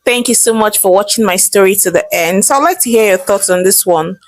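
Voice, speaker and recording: A woman with a Nigerian accent narrating a folktale in a lively, chatty way. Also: mid-range voice, a little fast. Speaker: storyteller. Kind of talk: storytelling narration.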